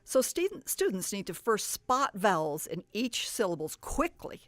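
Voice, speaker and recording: A woman's voice: medium pitch, sing-song, moderate pace, dry recording. A woman teaching reading, who explains patiently and stretches out words to model the sounds. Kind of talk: instructional talk.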